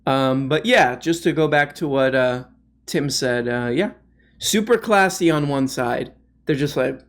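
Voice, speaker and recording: A man's voice: medium pitch, unhurried. A man hosting a comedic commentary video, sarcastic and often laughing as he riffs on clips.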